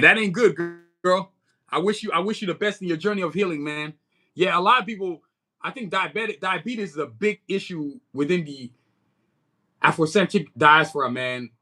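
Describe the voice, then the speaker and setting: On the high side, with a bright and forceful tone, this man's accent is American touched by Nigerian. He hosts livestreams and makes comics, and here he chats casually in a loose, slangy ramble that keeps circling back to "you know what I'm saying."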